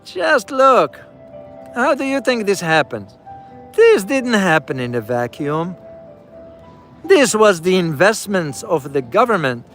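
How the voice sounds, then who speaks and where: Man, high voice, emphatic, repeats himself for stress, travel vlog commentary, riding through a city, faint music underneath. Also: big pitch swings, a little slow, fairly bright tone. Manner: speaks directly to viewers as "guys". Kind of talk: casual live-streamed travel commentary.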